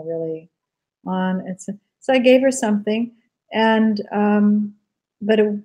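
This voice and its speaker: A middle-aged woman speaks as an interview guest, her voice warm and mellow. She tells earnest stories in a casual way, with plenty of fillers. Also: lowish voice, rough recording. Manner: earnest storytelling, frequent fillers.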